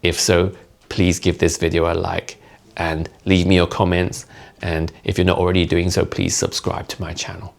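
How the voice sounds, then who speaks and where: A man's voice: low voice, flat delivery, moderate pace, gravelly. A man whose first language is Cantonese, chatting directly to camera as a video creator. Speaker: YouTube creator. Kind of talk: casual vlog commentary.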